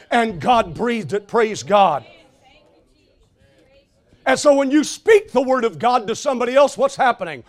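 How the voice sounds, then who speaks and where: A man preaching a sermon, asking the congregation questions and quoting scripture, moving between loud exclamations and quiet passages. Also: very high voice, animated, normal speed, soft background music.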